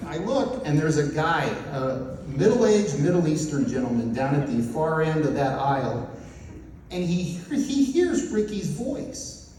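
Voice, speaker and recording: A man's voice: on the high side, unhurried. A man telling a story as a preacher, acting out the voices of the people in it. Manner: animated storyteller acting out dialogue. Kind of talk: storytelling sermon. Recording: echoey hall from far off, noisy.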